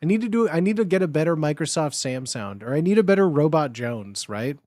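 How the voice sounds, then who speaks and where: A man's voice: fairly high pitch, expressive, a little fast, darkish tone, dry recording. A young man streaming, chatting casually with rambling, giggly, crude jokes.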